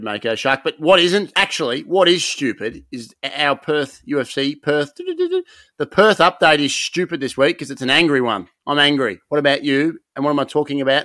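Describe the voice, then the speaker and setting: A man with an Australian accent co-hosting a podcast, teasing and animated, swearing casually. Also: medium pitch, no echo, clean studio sound. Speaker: podcast co-host.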